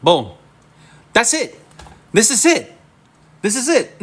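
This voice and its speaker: A young man casually chatting on a live stream from his home setup, gushing and excitable and swearing freely. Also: high voice, a little slow, long pauses, husky.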